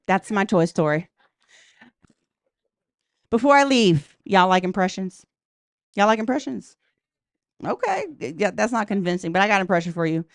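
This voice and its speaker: A woman's voice: mid-range voice, no echo, studio quality. A woman doing a brash, profane stand-up comedy set in a comedy club, talking straight to the crowd.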